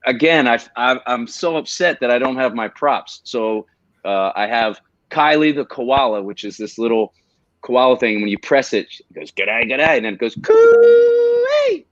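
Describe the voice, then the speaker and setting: A man's voice: mid-range voice, moderate pace, fairly bright tone, no room sound, dull audio. A man chatting as a podcast guest, eagerly telling rambling stories. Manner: enthusiastic, rambling storyteller. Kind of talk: casual chat.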